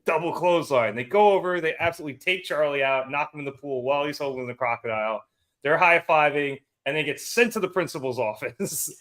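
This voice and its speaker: A man's voice: a little high, brisk. A man with a slightly raised voice talks through a wrestling episode in loose, casual chat. He bounces into little impressions of the people he describes. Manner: animated recapper, acting out quotes. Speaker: podcast co-host.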